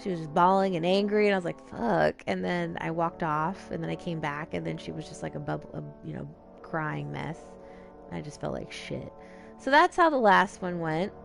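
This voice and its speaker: A woman's voice: low voice, moderate pace, vocal fry, soft background music. A woman streamer chatting casually as she plays a video game, swearing freely and acting out what characters said. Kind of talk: casual gameplay commentary.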